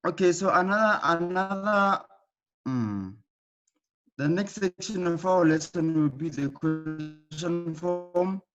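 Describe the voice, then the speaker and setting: Man teaching online, patient, repeats himself, fairly high voice, dull lo-fi sound. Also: takes it slowly, fairly bright tone, faint music behind. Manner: patient, repeats key points with frequent "okay?" checks. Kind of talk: online class lesson. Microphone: computer mic in an online class.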